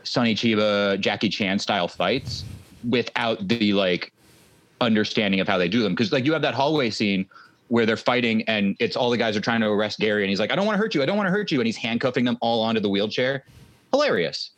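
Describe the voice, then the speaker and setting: Low-voiced man breaking down movies. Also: fairly quick, fairly bright tone. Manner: talkative, analytical, acts out movie lines. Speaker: podcast co-host. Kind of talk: casual movie chat.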